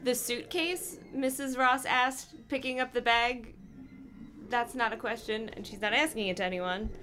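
Bright-voiced woman giggling through a reading. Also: on the high side, moderate pace, slight background noise. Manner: bright, giggly, sarcastic asides. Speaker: podcast co-host reading aloud. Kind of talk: comedic book reading.

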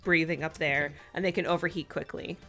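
A woman's voice: low-pitched, fairly even intonation, a little fast, bright, forceful tone, soft background music. A woman co-hosting a casual podcast and reading a book aloud, playful and giggly. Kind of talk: casual read-aloud with chat.

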